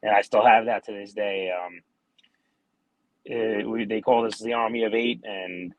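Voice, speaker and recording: In a casual interview chat, a podcast guest in his twenties from New York rambles laid-back through hockey stories with plenty of fillers. His fairly low voice keeps a level tone at normal speed, captured in lo-fi sound.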